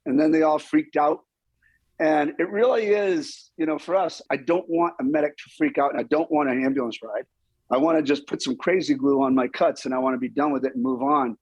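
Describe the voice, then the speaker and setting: A man's voice: fairly high pitch, fairly quick, husky, no room sound. A man, a stuntman guest, telling stories in an interview and acting out the lines people said. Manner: animated, acts out quoted lines. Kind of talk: storytelling interview.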